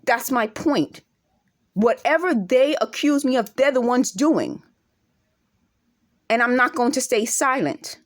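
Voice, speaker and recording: A woman's voice: fairly high pitch, animated, slow, long pauses. Indignant woman vlogging to camera. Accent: speaks with an accent of her own. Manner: indignant, emphatic, rhetorical questions. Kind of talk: direct-to-camera monologue.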